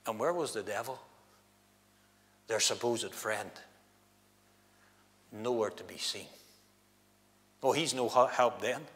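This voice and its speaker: A man preaching a gospel sermon in church, dramatic, swinging from loud declarations to hushed tones. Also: mid-range voice. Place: church hall. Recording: long hall reverb.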